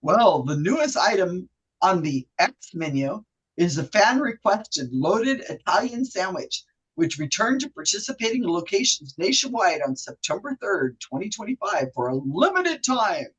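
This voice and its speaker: A woman doing a chirpy drive-through worker reading out the menu, her voice bouncing up and down. It is a little husky, with a sing-song delivery that stumbles over a few words. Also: mid-range voice, very animated, moderate pace, poor audio. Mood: perky, upselling. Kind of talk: acted drive-through order for a trivia game.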